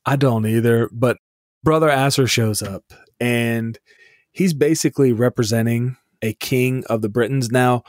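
A man's voice: medium pitch, a little slow, no room sound. A man co-hosting a podcast, chatting casually with a dry, teasing humor. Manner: dry, teasing, laughs along. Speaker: podcast co-host. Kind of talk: casual chat.

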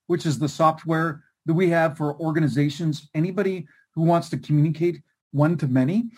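A man's voice: fairly high pitch, darkish tone. A middle-aged man being interviewed who explains his points with energy and emphasis. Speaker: guest, newsletter writer and co-author. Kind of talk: interview, explaining to a webcast audience.

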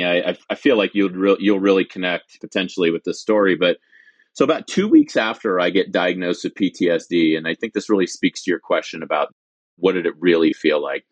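A man's voice: low-pitched, dry recording, lo-fi sound. A man in his forties, a military veteran, telling his story candidly and acting out remembered conversations. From United States. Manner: earnest, candid, acts out quoted dialogue. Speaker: veteran guest. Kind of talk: personal storytelling.

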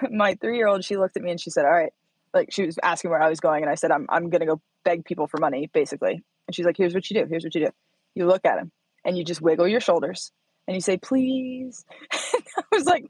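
A woman in her thirties from Indiana, a startup founder telling her story as an interview guest, animated and laughing often as she acts out quotes. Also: lowish voice, breathy edge, no echo, low-quality recording.

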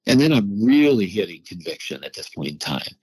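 A middle-aged man, a psychologist and veteran, telling a personal story as an interview guest, animated and often repeating his words. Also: fairly low pitch, fairly quick, slightly rough, poor audio. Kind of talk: conversational storytelling.

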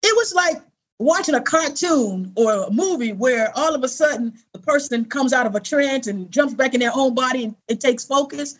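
In a high voice at normal speed, a middle-aged woman being interviewed tells a personal story with earnest, conversational energy. She's animated and takes on the voices of those she quotes.

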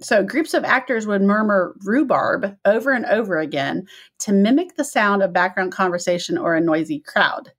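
A woman from the American Midwest with a Midwestern accent, co-hosting a casual chat, chatty and quick to laugh. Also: mid-range voice, expressive, slightly rough. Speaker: podcast co-host.

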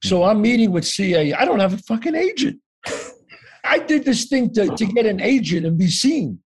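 An older man tells his story with a husky, high-set voice that leaps up and down as he plays every part in his anecdotes. He swears casually and keeps the tale rolling. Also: big pitch swings, moderate pace. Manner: acts out both sides of conversations, swears freely. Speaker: guest. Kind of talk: animated storytelling.

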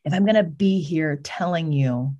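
A woman from California, a podcast guest telling a lively personal story that leads into a faith message, acting out the voices in it. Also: deep voice, moderate pace, muffled recording. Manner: animated storyteller, acts out quoted voices.

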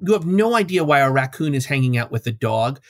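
A man's voice: medium pitch, big pitch swings, fairly quick, dry recording. A man co-hosting a podcast, chatting casually and jokingly about a film, on a close mic. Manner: jokey, playful asides. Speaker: podcast co-host. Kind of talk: casual film discussion chat.

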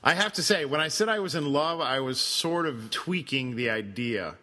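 Laughing podcast guy, teasing, bright sharp voice, some room echo. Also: a little high, moderate pace. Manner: animated, laughs often, teasing. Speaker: podcast co-host. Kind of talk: casual film discussion.

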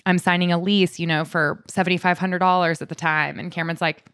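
A woman's voice: fairly low pitch, little pitch movement, a little fast, fairly bright tone, clean tone, no room sound, clean studio sound. A woman co-hosting a podcast, telling stories in an upbeat, casual way and acting out quoted dialogue. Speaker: podcast co-host. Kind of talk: casual chat.

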